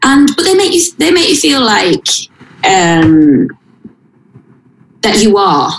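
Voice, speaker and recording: A woman telling a painful personal story in an interview, halting and emotional, with frequent restarts. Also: medium pitch, very animated, a little hiss or hum. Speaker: interview guest. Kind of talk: personal account in conversation. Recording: roomy echo.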